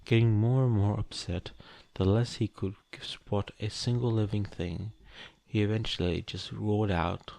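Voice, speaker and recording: Male fiction narrator, slow and measured, low voice, dry close-miked booth. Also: fairly even intonation, vocal fry, mellow, dry recording. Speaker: podfic reader. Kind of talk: scripted narration.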